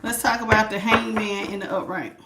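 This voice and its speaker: A woman doing a casual live tarot reading, chatty and lively, calling her viewers baby and honey. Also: mid-range voice, brisk, creaky, heavy background noise. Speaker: tarot reader.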